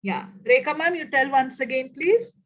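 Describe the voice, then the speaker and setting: A woman with an Indian English accent teaching an online course, putting questions to her participants in a lively way over a video call. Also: high-pitched, normal speed, poor audio. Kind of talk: interactive online lecture.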